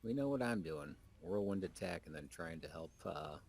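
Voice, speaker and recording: A man's voice: deep voice, lively intonation, moderate pace, vocal fry, a little mellow. A man playing in a tabletop game, laid-back and jokey, narrating what his character does. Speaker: player.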